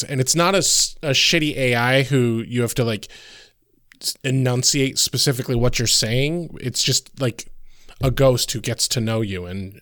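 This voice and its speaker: A man's voice: medium pitch, a bit bright, no echo, studio quality. A male podcast co-host chatting casually about a TV episode, joking and swearing offhandedly. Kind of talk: casual episode recap chat.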